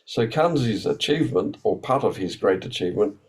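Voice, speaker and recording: Lowish-voiced man giving an academic talk. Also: lively intonation, brisk, poor audio. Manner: hesitant, with frequent fillers and restarts; thoughtful, explanatory. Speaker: academic speaker.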